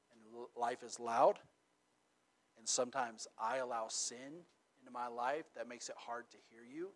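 A middle-aged man preaching a sermon in a conversational way, often checking in with "okay?" and "right?". He swings from loud, emphatic stretches to quiet, intimate ones. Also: medium pitch, steady tone, moderate pace. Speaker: pastor.

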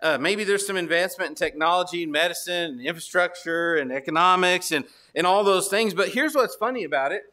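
A man's voice: high voice, fairly quick, hardly any pauses, sharp tone. A man preaching a sermon as pastor, in a conversational storytelling manner with asides and restarts.

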